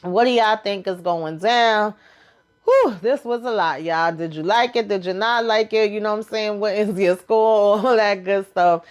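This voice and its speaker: A woman giving a casual recap of a TV episode, telling it in an animated, gossipy way and calling her viewers honey and child. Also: medium pitch, normal speed, clear, resonant tone.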